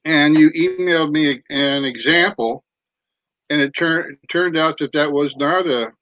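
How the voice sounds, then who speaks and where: A middle-aged man chatting as a guest on a video call, halting with many restarts. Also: on the high side, a bit bright, no room sound, lo-fi sound. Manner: halting, many restarts, eating while talking. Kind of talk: casual video-call chat.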